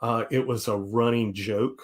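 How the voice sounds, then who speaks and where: A man's voice: medium pitch, fairly even intonation, a little slow, slight background noise. A man in his forties with a Southern US accent, chatting casually on a live stream in an easygoing, rambling way. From South Carolina, US. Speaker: guest host.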